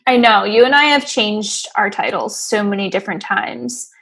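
A woman's voice: mid-range voice, normal speed, vocal fry, fairly bright tone, slightly rough. A woman co-hosting a podcast, chatting and riffing casually on a topic. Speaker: podcast co-host. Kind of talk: casual chat.

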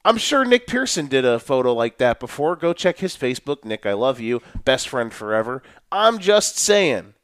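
A young man hosting a solo football talk show, ranting in an animated, profane way about coaches. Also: medium pitch, moderate pace, hardly any pauses, smooth, no room sound, studio quality. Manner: animated, profane, mocking coaches in a put-on boastful voice. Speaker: sports podcast host.

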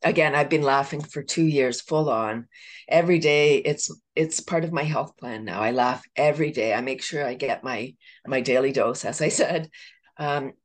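A woman with a Canadian accent, a laughter coach chatting as a guest, animated and laughing often as she acts out little voices. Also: a bass voice, moderate pace. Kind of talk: casual podcast interview.

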